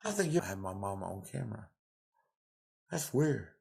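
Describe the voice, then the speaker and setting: A man ranting angrily to the camera in a profane, confrontational way, repeating himself with loud outbursts. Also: fairly low pitch, very animated, normal speed, creaky.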